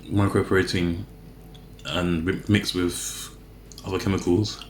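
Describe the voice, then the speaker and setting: Rambling deep-voiced man in an echoey room. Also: flat delivery, quick pace, a little hiss or hum. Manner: rambling, self-correcting, chatty. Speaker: vlogger. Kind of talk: casual talk to camera while eating.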